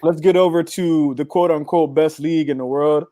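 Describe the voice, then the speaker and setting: A man's voice: on the high side, steady tone, normal speed, dark tone, no echo. A man co-hosting a casual sports podcast, recapping scores in a laid-back way with lots of fillers. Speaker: podcast co-host.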